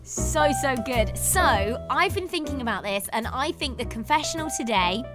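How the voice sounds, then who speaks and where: A woman's voice: high voice, animated, moderate pace, over music. A woman hosting a podcast, telling stories in an enthusiastic, gushing casual chat. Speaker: podcast host.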